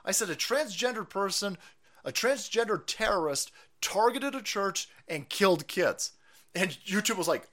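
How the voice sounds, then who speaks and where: A man hosting a stream, ranting in profane political commentary with mocking asides and sudden shouts. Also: high voice, lively intonation, normal speed. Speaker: streamer host.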